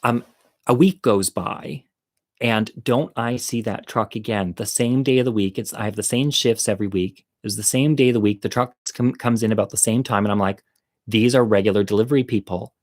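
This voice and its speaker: A man telling a personal story, animated and swearing freely, acting out his own shouting with sharp jumps in pitch. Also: fairly quick.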